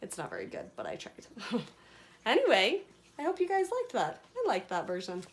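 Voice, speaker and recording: Woman, preschool story reader, chatty and animated, fairly high voice, lively melody. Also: moderate pace. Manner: animated, chatty, talking to small children. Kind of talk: reading a picture book aloud to children.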